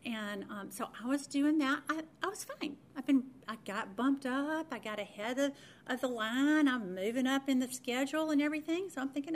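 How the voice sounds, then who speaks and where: A woman's voice: sits high, normal speed, a little hiss or hum. A middle-aged woman, telling a personal faith story in a chatty, self-deprecating way full of fillers and restarts.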